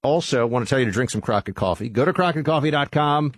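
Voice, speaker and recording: A man delivering a pushy ad read at a quick clip. His voice is slightly husky and recorded dry. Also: medium pitch, lively intonation, dry recording. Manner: pushy, salesy. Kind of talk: read ad spot.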